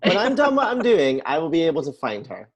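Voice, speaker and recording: A woman's voice: low voice, brisk, lo-fi sound. A woman playing her character in a tabletop role-playing game, playful and joking with her group. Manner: playful, laughing, very animated. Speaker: player.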